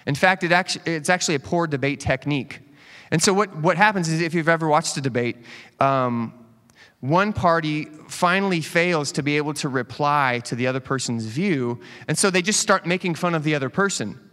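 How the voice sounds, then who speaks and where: A man with a somewhat high voice preaching a relaxed sermon, throwing playful asides to his congregation. His voice rings out in a church hall with long reverb. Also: a little fast. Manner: animated, joking asides to the congregation. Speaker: pastor. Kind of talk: conversational sermon.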